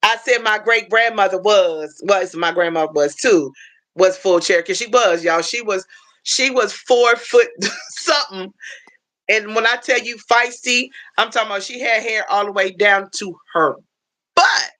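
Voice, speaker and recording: A woman's voice: medium pitch, moderate pace. A woman hosting a livestream, talking casually and earnestly, often restarting and turning to her viewers. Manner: chatty and warm, with frequent restarts and "y'all". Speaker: livestream host.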